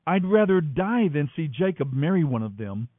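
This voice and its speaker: A man's voice: a little high, big pitch swings, moderate pace, no room sound, narrow, tinny audio. A man voicing an anxious mother urging her son to flee, in a dramatic scripture reading over a radio broadcast. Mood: urgent. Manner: urgent, worried.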